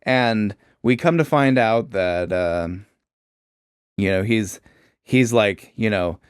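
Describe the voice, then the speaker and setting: A man co-hosting a podcast, rambling through a story with lots of fillers and laughs. His voice is smooth and clear, and the sound is dry and close. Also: lowish voice, slow, no echo. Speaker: podcast co-host. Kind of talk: casual chat.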